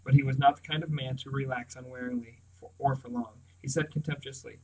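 Man, storybook narration, measured, mid pitch, off-mic sound. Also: fairly even intonation, distant mic, low-quality recording. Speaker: audiobook reader. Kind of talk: storybook read-aloud narration.

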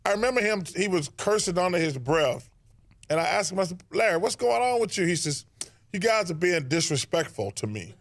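A man's voice: sits high, fairly quick. A man, a former basketball player, telling an anecdote in an interview, stammering and laughing as he goes. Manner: animated storyteller, stammering, laughing.

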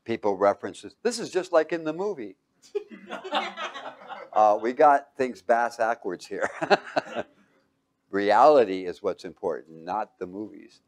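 A man giving a motivational talk to a live audience. He talks emphatically, swings from loud to hushed, and keeps quizzing listeners with fill-in questions. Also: fairly low pitch, expressive, measured pace, pauses often. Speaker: speaker teaching a live audience.

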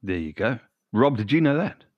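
A man hosting a podcast in casual, playful chat, animated and teasing. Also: mid-range voice, normal speed, dry recording. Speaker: podcast host. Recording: dull, dry lo-fi sound.

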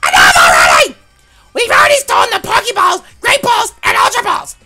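A shrill, melodramatic video game character wails and sobs through every line. The voice is bright and piercing, and it swings wildly in pitch. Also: male voice, wildly swooping pitch, a little fast, exaggerated voice. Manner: shrieking, melodramatic, sobbing.

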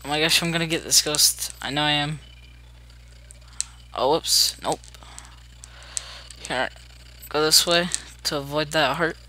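A young adult gaming host giving chatty, upbeat commentary while playing, narrating each move out loud. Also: mid-range voice, steady tone, measured pace, long pauses. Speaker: gameplay video host. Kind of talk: casual let's-play commentary.

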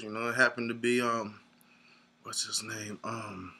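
A man's voice: mid-range voice, a little slow, pushed and bright, slightly rough. A young man rambling in a mock-serious rant, whiny and near tears, tacking "man" onto every line. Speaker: comedic sketch performer.

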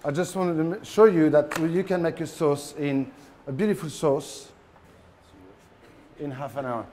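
In front of a big crowd, a French-accented chef leads a live cooking demo full of playful teasing. His man's voice is a little high yet dark in tone, and he speaks unhurriedly over slight hiss or hum.

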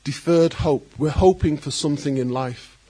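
A man preaches with a fairly high, husky voice. He is animated and breaks into quoted voices as he speaks. His delivery is laced with joking asides. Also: normal speed. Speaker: pastor. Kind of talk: sermon.

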